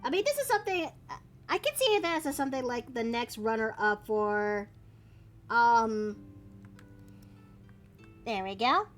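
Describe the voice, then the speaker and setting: A woman's voice: fairly high pitch, animated, a little slow, long pauses, faint music behind. A Canadian woman chatting casually as she draws live on stream, thinking aloud with playful asides. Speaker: streamer and artist. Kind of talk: casual chat while drawing live.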